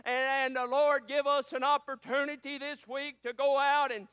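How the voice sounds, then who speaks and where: A man preaching a sermon as pastor, swinging between quiet, slow scripture reading and loud, repetitive exhortation. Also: extremely high pitch, flat delivery, dry recording. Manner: preaching with rises and drops, repeating phrases.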